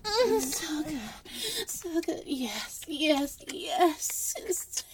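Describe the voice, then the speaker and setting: A woman voicing an eager, submissive immortal sister in a whispered role-play, breathy and moaning. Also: high-pitched, very animated, very slow, slight background noise, exaggerated voice. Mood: breathless.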